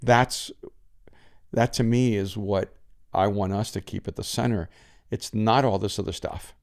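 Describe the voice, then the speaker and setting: A man hosting a faith podcast, speaking in a measured, reflective way with a preacher's emphasis. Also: fairly low pitch, fairly even intonation, vocal fry. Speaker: podcast host.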